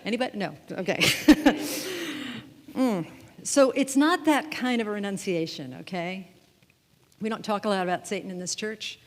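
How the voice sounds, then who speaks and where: A woman minister preaches in a chatty, playful way, tossing questions to the congregation and laughing along. Her voice sits at a middling pitch. The long reverb of a church hall trails behind her words. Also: measured pace, pauses often. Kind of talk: sermon. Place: church sanctuary.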